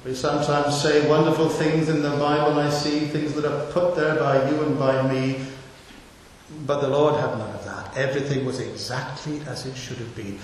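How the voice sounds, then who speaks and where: A man's voice: medium pitch, little pitch movement, moderate pace. A man preaching an expository sermon, asking rhetorical questions and stressing key words. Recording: echoey hall with hiss.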